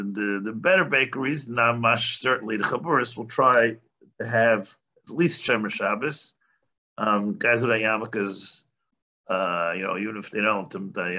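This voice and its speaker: Low-voiced rabbi giving a chatty class. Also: male voice, bright, forceful tone, lo-fi sound. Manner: chatty, joking asides, many restarts. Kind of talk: informal lecture.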